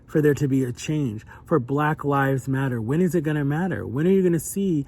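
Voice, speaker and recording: A man's voice: fairly high pitch, fairly quick, darkish tone, breathy edge. A young adult man talking earnestly and emotionally in a personal vlog, his voice climbing when he gets upset. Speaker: vlogger.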